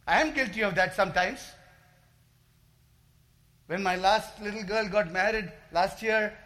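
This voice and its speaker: A man's voice: high voice, normal speed, long pauses, fairly bright tone. A middle-aged male pastor giving a fervent altar call and prayer, pleading and rising in intensity.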